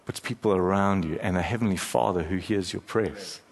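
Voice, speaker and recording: A middle-aged male pastor preaches with a fairly low voice and a storyteller's sense of timing. He stretches out key phrases and pauses for weight. The sound rings with the long reverb of a large church hall. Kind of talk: sermon.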